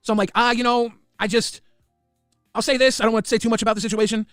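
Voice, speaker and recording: Fast-talking man with a high voice. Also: little pitch movement, dry recording, studio quality, faint music behind. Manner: rapid, repetitive restarts. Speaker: guest recounting drama. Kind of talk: casual storytelling.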